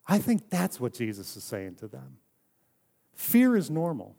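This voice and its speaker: A man's voice: mid-range voice, wildly swooping pitch, unhurried, vocal fry. Conversational male pastor preaching. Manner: conversational, anecdotal, drops to a soft hush for emphasis. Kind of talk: sermon.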